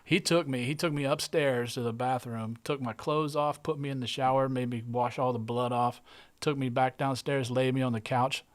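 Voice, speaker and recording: Man telling a rough story casually. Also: medium pitch, fairly even intonation, normal speed. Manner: vivid present-tense retelling, swears, frequent restarts. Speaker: guest artist.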